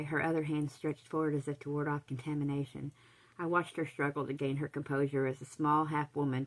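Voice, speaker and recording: A woman reads a novel aloud in the first person, in a low-pitched voice. Her delivery is measured and dramatic. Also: low-quality recording. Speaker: audiobook reader.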